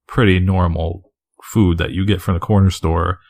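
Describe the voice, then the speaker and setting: A man's voice: low voice, fairly even intonation, moderate pace, gravelly, a little mellow. A man co-hosting a wrestling podcast in casual, rambling chat, swearing freely and laughing often. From Northeast US. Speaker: podcast co-host.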